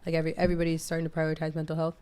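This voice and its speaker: A woman's voice: low-pitched, monotone, rapid-fire, dark tone, smooth. A woman, a mother, giving earnest, encouraging advice in a casual chat. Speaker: guest mother.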